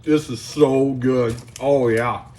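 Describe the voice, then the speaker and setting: A man's voice: mid-range voice, steady tone, takes it slowly, darkish tone, slight background noise. A man hosting his card collecting channel, chatting enthusiastically as he tastes and reviews jerky at home. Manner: enthusiastic, chatty, exclaiming while eating. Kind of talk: casual product review.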